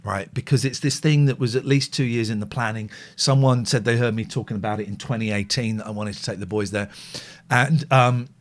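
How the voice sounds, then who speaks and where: A man's voice: mid-range voice, fairly bright tone. A middle-aged English man hosting a live show, chatting candidly and rambling, reading listener messages aloud. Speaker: radio show host. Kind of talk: casual live show chat.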